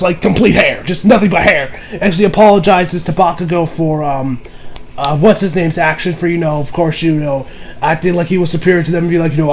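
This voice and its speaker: A man's voice: fairly high pitch, poor audio. A man casually reviewing an anime episode, rambling with many fillers and frequent laughs.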